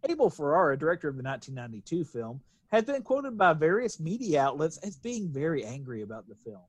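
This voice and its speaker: Podcast host, male, high voice, dry close sound, chatty and giggly. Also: sing-song, fast talker, husky, no room sound. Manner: laughs often, reads quotes aloud. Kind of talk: casual film chat.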